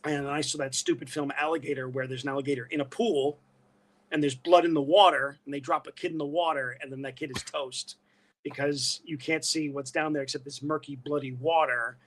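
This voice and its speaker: A man's voice: fairly high pitch, fairly even intonation, fairly quick. A man talking as a guest on a casual podcast, telling stories in an emphatic, self-mocking way.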